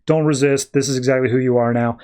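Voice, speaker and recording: A man's voice: mid-range voice, fairly even intonation, quick pace, a little mellow, smooth, lightly acted. A man voicing a cold male artificial intelligence that gives orders in a matter-of-fact way, during a casual comics recap. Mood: commanding.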